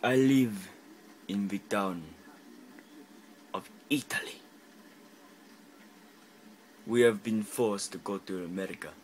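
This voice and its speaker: A man putting on a hammy fake accent to play a solemn male guerrilla hero, narrating in a slow, stiff, mock-dramatic way for a game video. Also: fairly low pitch, slight background noise, rough recording.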